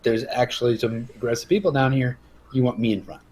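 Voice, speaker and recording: A man's voice: medium pitch, steady tone, fairly quick, a little mellow, rough recording. A man playing in a tabletop game, assertively describing what his character does. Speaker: player.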